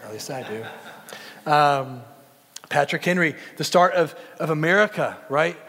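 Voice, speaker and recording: A man's voice: fairly high pitch, animated, a little slow, a bit bright. A young man preaching a sermon in an earnest, conversational way. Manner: earnest, conversational with film references. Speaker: pastor. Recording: long hall reverb.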